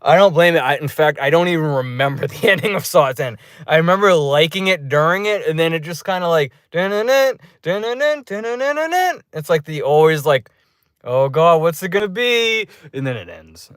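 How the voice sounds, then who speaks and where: A man's voice: fairly quick, few pauses, clean tone, no room sound, studio quality. Rambling, profane young man reviewing a movie. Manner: rambling, profane, animated with pitched-up quoted reactions. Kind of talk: casual spoken review.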